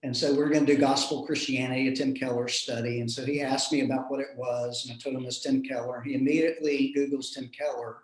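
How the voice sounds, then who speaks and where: A man, a minister telling a personal story in an earnest, reflective way with soft chuckles. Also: mid-range voice. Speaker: minister in a panel discussion. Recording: roomy echo.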